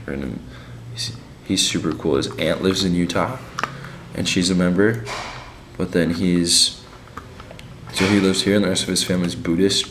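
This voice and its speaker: A man's voice: deep voice, gravelly, echoey room, noisy background. A young man on a mission, telling his week in a casual, slangy video diary. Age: young adult. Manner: laid-back and slangy, many fillers.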